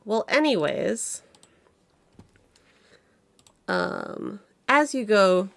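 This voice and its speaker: A woman narrating a tabletop game as game master, halting with many fillers and restarts. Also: on the low side, animated, gravelly, no echo.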